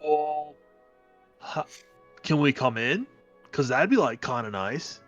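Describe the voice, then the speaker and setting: A man's voice: on the high side, animated, slow, a bit bright, faint music behind. Laid-back man, dull lo-fi mic. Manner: easygoing, laid-back, friendly. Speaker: player. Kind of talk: in-character tabletop role-play.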